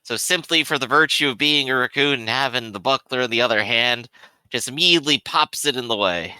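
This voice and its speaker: Playful tabletop player guy, super bright smooth voice, dry sound. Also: medium pitch, brisk, no echo. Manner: playful, chuckling, describes his character's moves. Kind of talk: casual tabletop play.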